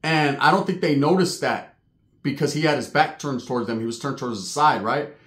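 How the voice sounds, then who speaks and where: A man telling a true paranormal story in a casual, streetwise way, swearing freely and getting animated. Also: mid-range voice, a little fast. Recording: echoey room.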